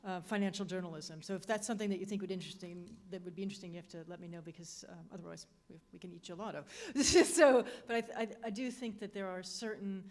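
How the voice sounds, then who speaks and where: A woman's voice: lowish voice, steady tone, rapid-fire, few pauses. A woman on a discussion panel, chatty and informal, with light asides.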